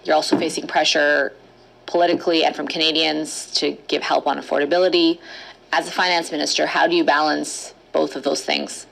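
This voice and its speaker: A woman's voice: low-pitched, level tone, a little fast, gravelly, a bit bright, poor audio. A woman reporter pressing a minister with a question at a press conference.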